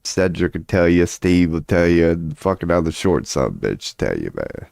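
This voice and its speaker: A man offering tarot readings on a livestream launches into a rambling, profane, excitable rant. His deep, low voice is creaky and moves at a moderate pace, sounding dry and close to the mic.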